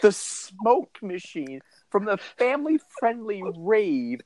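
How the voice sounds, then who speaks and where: Male comic co-host, loose and profane, very lively delivery. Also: sits high, slow pace. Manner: animated, profane, riffing. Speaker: podcast co-host. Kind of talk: casual comedic chat.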